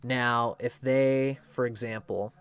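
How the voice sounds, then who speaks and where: A man giving an unscripted astrology talk, animated and prone to restarts and the odd swear word. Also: medium pitch, slow pace, clear, resonant tone. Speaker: astrologer presenting a video.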